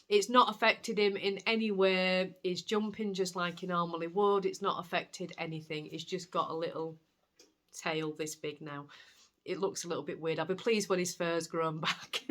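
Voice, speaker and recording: Woman, Yorkshire accent, lowish voice, chatty, animated storyteller, casual knitting podcast host. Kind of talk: casual chat to camera.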